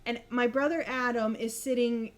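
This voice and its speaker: A woman's voice: a little high, moderate pace. A young woman co-hosting a casual podcast, telling family stories and acting out her relatives' lines. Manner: animated retelling, acts out family members' lines. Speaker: podcast co-host. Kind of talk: casual storytelling chat.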